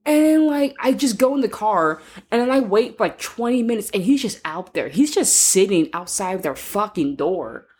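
A woman's voice: medium pitch, normal speed, few pauses, husky. A woman co-hosting a podcast in casual chat, telling stories with heavy swearing and acting out what people said. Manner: animated storytelling, heavy swearing, acts out quotes. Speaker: podcast co-host.

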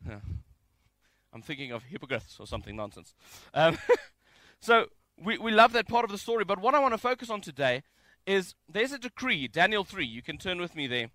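A man giving a conversational sermon from home, reading scripture and mixing in jokes with an animated delivery. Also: high-pitched, fairly quick, no echo. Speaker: preacher. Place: home, during isolation.

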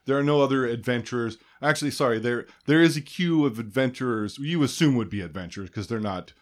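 A man narrating as game master of a tabletop game, relaxed and rambling with many fillers. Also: medium pitch, quick pace.

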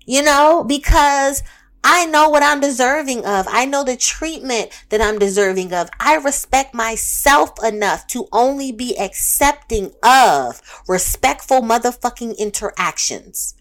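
A woman's voice: fairly high pitch, lively intonation, measured pace. A woman, giving a candid motivational monologue in a profane, emphatic, repetitive, fired-up way. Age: 30s. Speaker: self-help speaker.

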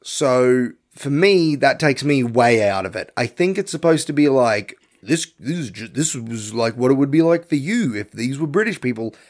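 A man's voice: mid-range voice, animated, moderate pace, few pauses. A man, hosting a podcast and rambling bluntly through a profane film review. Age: young adult to middle-aged. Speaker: podcast host. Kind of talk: casual film review rant.

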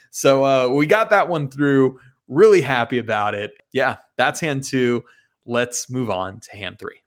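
A man walks through his poker hands one by one in a relaxed, conversational recap. His voice sits at an ordinary middle pitch. He swears freely and pokes fun at himself as he goes. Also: normal speed. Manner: chatty, profane and self-mocking. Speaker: poker player. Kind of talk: casual poker hand recap.

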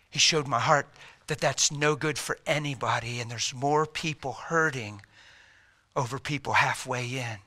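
A middle-aged man preaching a sermon in a church, plain-spoken and folksy, swinging between loud urgent exhortation and quiet intimate hush. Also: medium pitch, measured pace. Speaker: pastor.

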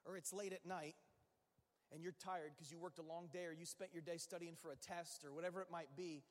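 A man with a notably high voice preaches from the pulpit, animated and driving his points home by repetition. He slips into the inner voices of his listeners as he goes. His words carry a long, hanging reverb from a large hall. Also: a little fast. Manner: animated, acts out quoted inner voices, repeats phrases for emphasis. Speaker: pastor. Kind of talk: sermon. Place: church sanctuary.

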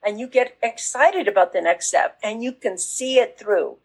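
A woman business coach talking casually in an interview, acting out excited reactions as she explains. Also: fairly high pitch, moderate pace, slightly rough, low-quality recording. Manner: animated, acts out quoted reactions.

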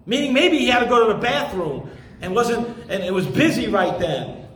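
An impassioned male pastor delivers a sermon in a very high voice. He stresses his points hard and at times rises to shouts. His voice rings in an echoey room. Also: animated, moderate pace, crowd noise. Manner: impassioned, emphatic, rising to shouts.

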